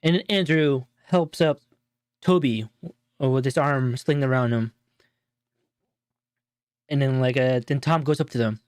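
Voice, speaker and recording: A man co-hosting a show, casually breaking down a movie in a rambling, animated retelling full of fillers. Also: medium pitch, unhurried, long pauses, clear, resonant tone, no room sound, studio quality. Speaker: show co-host.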